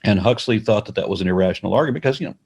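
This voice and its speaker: Man with a lowish voice explaining stuff in an interview, steady, repeats himself a bit. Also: creaky, breathy edge. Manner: measured, explaining, with restarts. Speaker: atheist organization representative, interview guest.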